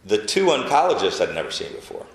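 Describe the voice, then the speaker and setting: A man being interviewed, telling a personal story in a halting, emotional way, with many restarts and a softer voice when he quotes people. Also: on the low side, sing-song, roomy sound. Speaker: interview guest.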